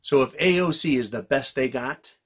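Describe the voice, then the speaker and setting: A man delivering a heated, profanity-laced monologue to his viewers, yelling and venting. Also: medium pitch, normal speed, husky. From United States. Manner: yells and vents angrily, heavy swearing. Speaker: political commentary vlogger.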